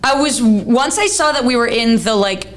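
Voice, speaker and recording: A woman's voice: fairly high pitch, lively intonation, moderate pace. A woman co-hosting a casual movie talk, eager and agreeable as she shares favorite scenes. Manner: enthusiastic, agreeable. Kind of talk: casual chat.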